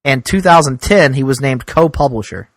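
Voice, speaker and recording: A man's voice: mid-range voice, lively intonation, moderate pace, no room sound, poor audio. Sarcastic male podcast co-host, dry mic. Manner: sarcastic, grumbling asides. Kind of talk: casual comic book podcast chat.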